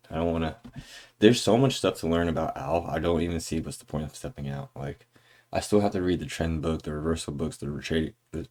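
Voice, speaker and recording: A man's voice: rumbling low, darkish tone. A man casually talking through a trading chart breakdown early in the morning, rambling and correcting himself, with occasional hiccups. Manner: rambling, self-correcting, goes off on tangents.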